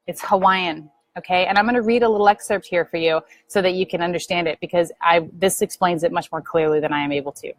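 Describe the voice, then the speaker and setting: A middle-aged woman speaking earnestly to viewers as a spiritual teacher, gently guiding them through a prayer practice. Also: on the low side, fairly even intonation, fast talker, hardly any pauses, dry recording, rough recording. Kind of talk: earnest spiritual talk to camera.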